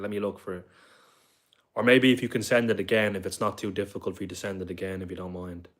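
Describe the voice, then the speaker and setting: A young man in his twenties hosts a casual livestream with a somewhat low voice. He rambles, reads viewer comments aloud and answers them one by one. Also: flat delivery, fast talker.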